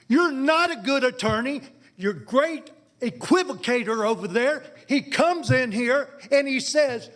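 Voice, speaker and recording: A man with an unusually high voice stands at a podium microphone and rails against a county board. He speaks slowly, lingering on each insult, with open contempt in his voice. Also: lively intonation. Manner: angry, insulting, confrontational. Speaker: public commenter. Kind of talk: public comment at a county board meeting.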